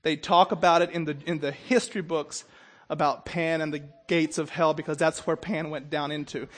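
Man, high voice, sermon, stammers on word starts, loud bursts and quiet asides. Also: flat delivery, normal speed. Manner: stumbles and repeats opening sounds, checks in with "Okay?"; swings between loud emphatic bursts and quiet low asides. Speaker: preacher.

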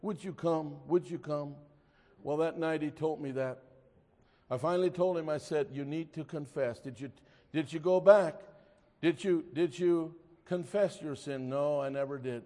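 A man preaching a sermon, telling a story and then pressing his point emphatically before dropping to a hush. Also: a little high, normal speed, in a large hall. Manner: storytelling, rising to emphatic exhortation, drops to a hush.

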